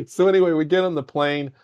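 A man, a podcast guest, telling animated anecdotes with a softened foreign accent, often repeating words as he starts sentences. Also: fairly high pitch, normal speed, clear, resonant tone, dull audio. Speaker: podcast guest, game industry founder. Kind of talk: conversational storytelling.

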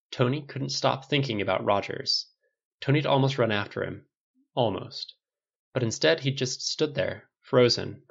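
A man narrating a fan fiction story as an audiobook, in a plain, steady reading voice. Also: medium pitch, vocal fry, breathy edge, muffled recording.

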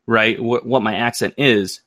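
A man's voice: mid-range voice, fairly even intonation, fairly bright tone, no room sound. An American man co-hosting a podcast in casual, rambling chat, often stopping to restart his sentences and joke. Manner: rambling, self-interrupting, quick to joke. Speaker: podcast co-host.

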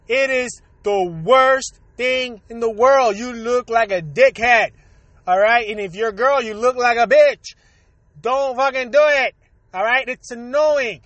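A man's voice: very high-pitched, fairly bright tone, no room sound, highs cut off. A man hosting a solo podcast, ranting in a heated, profane, repetitive way while still getting over a cold that has him coughing. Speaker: podcast host. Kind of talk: solo rant.

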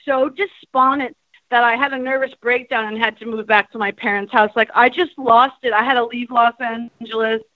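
A woman's voice: on the high side, moderate pace, dry recording, muffled recording. A woman from New Jersey, a musician guest telling her story bluntly with plenty of swearing. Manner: blunt, profane, animated storyteller. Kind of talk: candid storytelling.

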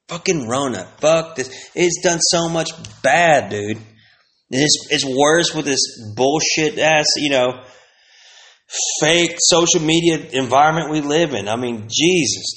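A man's voice: a little high, fairly bright tone. A man talking in a casual, profane monologue, rambling through rants and stories and acting out other people's voices. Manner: profane, rambling storytelling rant.

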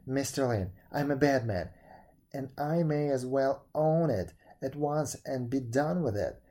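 A man's voice: medium pitch, measured pace, warm tone, natural voice. A man voicing a guilty old miser who wails and begs to be scolded, in a storybook reading. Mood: pleading. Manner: wailing, begging, anxious.

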